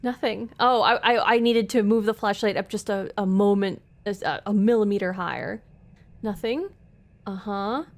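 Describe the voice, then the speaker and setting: A woman's voice: mid-range voice, moderate pace. A woman streamer playing a game live, reading its dialogue aloud between chatty asides to her viewers at a desk mic. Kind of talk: live let's play commentary.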